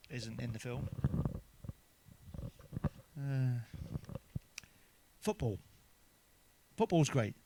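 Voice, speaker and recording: A man's voice: medium pitch, big pitch swings, drawn-out words, creaky, pauses often, noisy background. A middle-aged man telling crude stand-up jokes, swearing often and laughing at his own punchlines. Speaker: stand-up comedian. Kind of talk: stand-up jokes told to camera.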